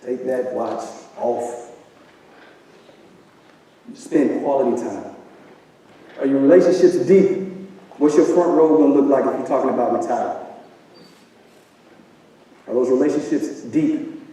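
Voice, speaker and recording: A man's voice: medium pitch, unhurried, long pauses, mellow. A man giving a motivational talk to a live audience in a large hall, firing rhetorical questions at the crowd. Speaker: event speaker. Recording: echoey hall from far off.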